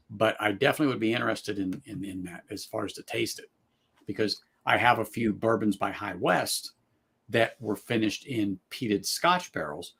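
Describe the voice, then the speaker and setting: A man's voice: lowish voice, creaky, slightly rough. A man guest on a casual whiskey live stream, thoughtful, drawing out his phrases, with dry jokes.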